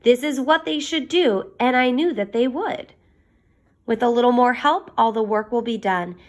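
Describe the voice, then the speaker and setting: A woman's voice: a little high, expressive, moderate pace, lightly acted. Woman doing the boastful Cat in the Hat. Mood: self-satisfied. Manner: boastful, sing-song rhyming. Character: mischievous male cat in a tall hat. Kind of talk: children's storybook read-aloud.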